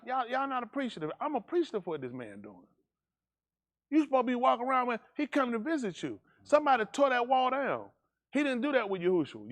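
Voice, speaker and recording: A pastor, preaching loud and emphatic to his congregation. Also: high-pitched. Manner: loud, emphatic, quick preaching with call-and-response. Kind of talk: preaching a sermon.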